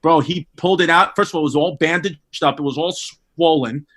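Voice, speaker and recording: Brash New York man with a bright, high voice. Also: a little fast. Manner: brash, crude and animated. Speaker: comedian guest. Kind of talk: casual comedic storytelling.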